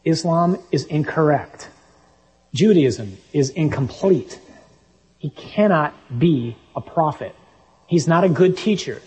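A man's voice: a little high, lively intonation, slow, darkish tone, low-quality recording. A man preaching a sermon, reasoning emphatically and reading scripture passages aloud.

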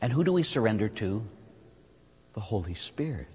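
A man's voice: on the low side, big pitch swings, moderate pace, a little mellow, husky. An American man, a priest, preaching a conversational sermon with frequent "huh?" tag questions. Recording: reverberant hall.

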